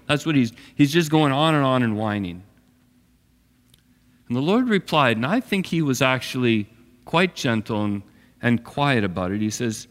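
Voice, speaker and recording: A man's voice: medium pitch, expressive, moderate pace. A man preaching a sermon as pastor, telling the story expressively and acting out its characters. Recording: long hall reverb.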